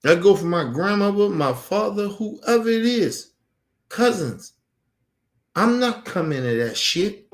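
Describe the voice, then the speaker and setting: A man's voice: high-pitched, animated, measured pace, a little hiss or hum. A man ranting heatedly about his family, angry, emphatic and full of profanity. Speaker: streamer. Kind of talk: heated personal rant.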